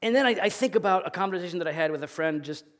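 A male pastor in his thirties preaching a sermon, telling candid, self-deprecating stories about his family, with sudden bursts of acted yelling. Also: sits high, animated, racing.

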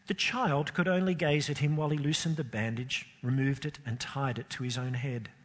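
Husky man reading a story dramatically. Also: mid-range voice. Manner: expressive, emotional, with slow pauses. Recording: long hall reverb.

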